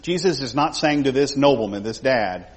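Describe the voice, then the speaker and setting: A man's voice: medium pitch, expressive, moderate pace, in a large hall. A man teaching a Bible study, talking the group through a passage and acting out the quoted lines in character.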